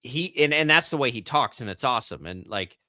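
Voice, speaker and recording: A man's voice: medium pitch, expressive, fairly quick, sharp tone, dry recording, studio quality. A young man from Texas hosting sports radio, chatting casually with lots of fillers and self-deprecating asides. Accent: General American, trained out a Texas twang. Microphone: studio broadcast mic.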